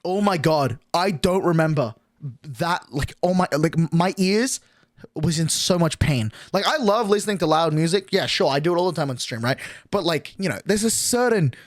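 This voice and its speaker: Man streaming, rambling storyteller, swears a lot, lively swooping pitch, dry close sound. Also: normal speed, no echo. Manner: rambling, filler-heavy, swears freely.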